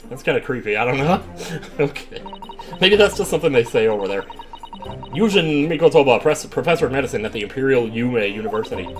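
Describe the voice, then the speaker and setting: Excitable man with a lively voice. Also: medium pitch, quick pace. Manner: excitable, chatty, exclaims and swears. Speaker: let's play streamer. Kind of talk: gaming commentary. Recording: faint game music behind.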